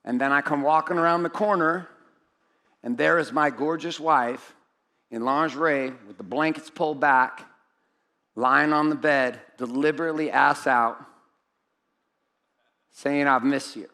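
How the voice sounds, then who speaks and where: A middle-aged man giving a blunt, profane motivational talk on stage to a room of men, swinging from loud outbursts to low, intimate asides. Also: unhurried, long pauses. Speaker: event speaker.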